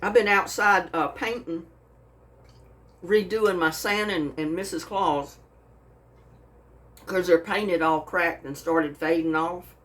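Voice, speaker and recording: Taste-testing her food on her own casual cooking vlog, a woman from Texas gushes in a folksy manner and says y'all plenty. She speaks slowly with frequent pauses, her pitch fairly low and her tone a bit bright.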